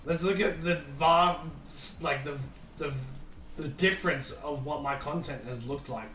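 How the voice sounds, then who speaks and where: A man's voice: a little high, a little slow, sharp tone, recorded from a distance. A man hosting a casual livestream podcast, thinking aloud and rambling with many restarts. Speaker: streamer and podcast host. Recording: echoey room, off-mic, faint background noise.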